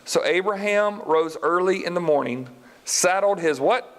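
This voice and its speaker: A man teaching a live Bible lesson in an animated way, quizzing his audience and reading scripture aloud. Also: high-pitched, unhurried. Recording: long hall reverb.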